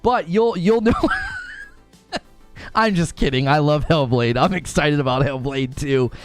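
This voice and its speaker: Reading super chats on his live gaming stream, the host speaks a little slowly in a slightly high voice. He jokes sarcastically and laughs often, with soft background music and no room sound.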